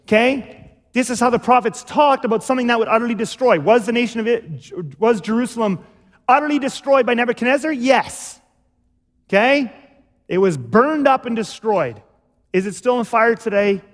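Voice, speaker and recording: Male pastor, high voice, sermon delivery, explanatory, lingering hall reverb. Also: lively intonation, normal speed. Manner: explanatory, repeats "okay?" to check understanding. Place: church.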